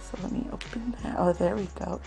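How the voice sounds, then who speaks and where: A woman hosting a craft swap unboxing vlog at home, talking slowly and gently and calling viewers "love" again and again. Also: on the low side, vocal fry, over music, low-quality recording. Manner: slow, gentle, calls viewers "love" often.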